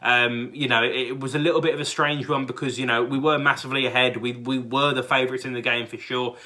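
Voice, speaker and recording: A young man from England with a British accent, hosting a casual fan reaction and talking in an excitable, rambling way with many fillers and restarts. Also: medium pitch, fast. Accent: British English. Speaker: sports fan channel host.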